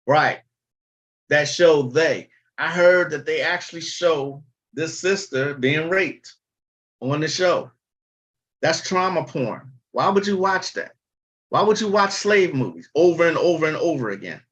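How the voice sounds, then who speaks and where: A man's voice: a little high, expressive, measured pace, fairly bright tone. A man hosting a casual livestream, talking bluntly and chattily and swearing freely. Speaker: livestream host.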